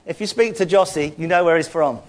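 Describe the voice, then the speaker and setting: A man's voice: fairly high pitch, fairly quick. Chatty London-accented man preaching. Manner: chatty, conversational, asides and rhetorical questions. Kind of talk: sermon.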